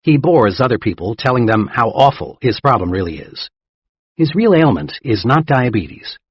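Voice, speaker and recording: A man narrating a self-help audiobook in a lively, emphatic reading style. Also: medium pitch, normal speed, husky, dry recording. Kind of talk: scripted narration. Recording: dull lo-fi dry recording.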